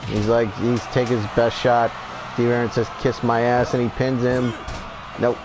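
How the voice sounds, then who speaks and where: A man giving excitable, profane play-by-play commentary on a wrestling video game as he plays, laughing often. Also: mid-range voice, normal speed, rough recording. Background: game music.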